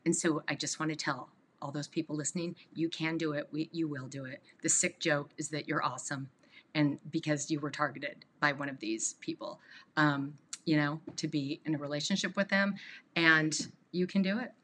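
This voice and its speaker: A woman's voice: deep voice, fairly even intonation, normal speed, fairly bright tone, a little hiss or hum. A woman guest on a podcast who coaches abuse survivors, talking earnestly and rambling with restarts. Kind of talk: emotional interview talk.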